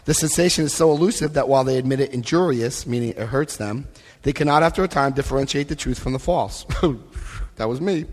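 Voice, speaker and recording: A man giving a lively recovery talk to a live convention audience, acting out scenes and voicing quotes. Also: medium pitch, brisk. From United States. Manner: animated, acts out scenes, shifts voice for quotes. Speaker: AA convention speaker. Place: convention hall. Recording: long hall reverb.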